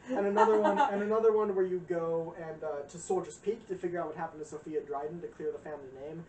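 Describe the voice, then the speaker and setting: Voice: medium pitch, fairly even intonation, fast talker, a little mellow. A young adult streamer rambles through a casual lecture, swearing freely and tossing in fillers. The voice sits a little away from the mic in a roomy, echoing space. A faint hiss lies underneath. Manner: profane, rambling, frequent fillers and acted quotes. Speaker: streamer giving a game lore lecture. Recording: roomy echo, distant mic, faint noise.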